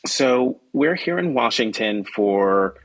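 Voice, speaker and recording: Talking slowly over a rough recording, a male journalist on a podcast relates a personal anecdote. He animates the quoted exchanges by jumping his pitch around, and his speech is full of ums and mid-sentence corrections.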